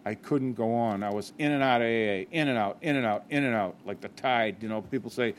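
A man's voice: medium pitch, fairly quick, slight background noise. An older man giving a personal recovery talk at a meeting, candid and self-mocking, often restarting his sentences.

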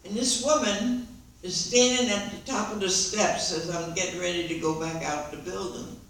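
An older woman giving a lively personal testimony to a meeting, acting out the dialogue as she tells it. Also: on the low side, moderate pace, gravelly. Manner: lively storyteller who acts out dialogue and laughs along. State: hard of hearing. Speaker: recovery meeting speaker. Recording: echoey hall recording from far off.

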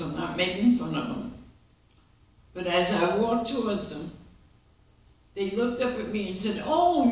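An older woman giving a lively personal testimony to a meeting, acting out the dialogue as she tells it. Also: medium pitch. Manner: lively storyteller who acts out dialogue and laughs along. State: hard of hearing. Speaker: recovery meeting speaker. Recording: echoey hall recording from far off.

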